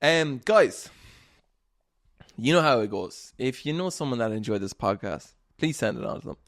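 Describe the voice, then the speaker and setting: A man's voice: mid-range voice, lively intonation, normal speed. Young guy doing a solo podcast, rambly and chill, cursing and laughing through his stories, regular mid voice. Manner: rambling, swears freely, laughs often. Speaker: podcast host. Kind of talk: casual solo storytelling.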